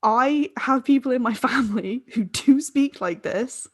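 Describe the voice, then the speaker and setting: A woman's voice: on the high side, a little slow, no echo, studio quality. A young woman co-hosting a casual chat podcast, rambling and laughing partway through her sentences. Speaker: podcast co-host.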